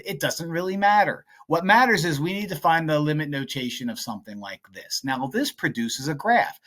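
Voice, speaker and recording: A man's voice: on the high side, a bit bright. A man teaching math in a casual, chatty, playful way, talking through practice problems at a whiteboard.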